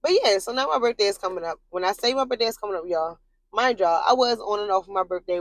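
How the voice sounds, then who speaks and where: A woman telling a long personal story straight to camera in a casual, rambling way, full of fillers and blunt swearing, getting animated when she's worked up. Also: fast talker, no room sound, poor audio. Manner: animated, jumps high in pitch when worked up.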